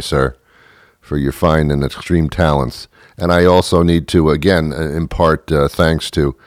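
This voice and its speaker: A man's voice: very deep voice, dry recording, studio quality. A man hosting a podcast, delivering a rambling, sarcastic comedic monologue full of self-mocking apologies. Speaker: podcast host.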